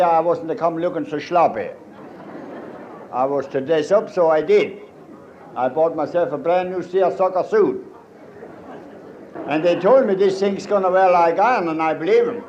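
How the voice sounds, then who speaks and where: A man's voice: sits high, darkish tone, dull audio. A man with a Pennsylvania Dutch accent telling folksy jokes with dry one-liners in a live stand-up set. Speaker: stand-up comedian. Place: stage before a live audience. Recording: old live recording in a roomy hall with crowd and hiss.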